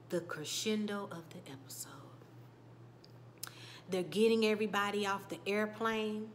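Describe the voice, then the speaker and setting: Woman, casual recap host, animated, emotional, mid pitch, faint background noise. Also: measured pace. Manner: animated storytelling, swings between loud bursts and hushed whispers; emotional, reacts to scenes.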